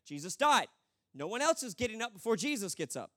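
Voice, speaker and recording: Animated high-voiced preacher. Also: male voice, brisk, no echo, studio quality. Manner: animated storytelling, acts out voices. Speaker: pastor. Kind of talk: sermon.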